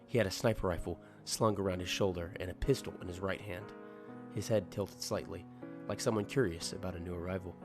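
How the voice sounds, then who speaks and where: A man with a very deep, gravelly voice narrates a horror story in a tense, dramatic delivery. Clear music plays steadily behind his reading. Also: fairly even intonation, a little fast.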